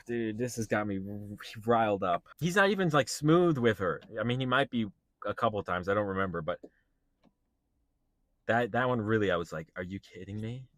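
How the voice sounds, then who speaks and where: A man's voice: on the low side, unhurried, long pauses, dry recording. A young man, a stand-up comedian, talking casually and incredulously to himself while driving in his car. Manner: animated, incredulous, mimics voices.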